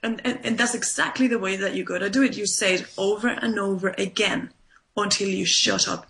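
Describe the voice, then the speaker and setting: Bright-voiced woman life coach. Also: mid-range voice, steady tone, brisk, gravelly. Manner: emphatic, repeats points with "right?" and "you know". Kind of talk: conversational interview.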